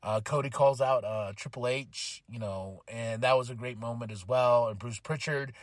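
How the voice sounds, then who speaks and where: A man hosting a podcast, giving an excited, emotional casual recap of a wrestling show. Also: mid-range voice, moderate pace, no echo. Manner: excited, emotional, animated retelling with laughs. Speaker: podcast host.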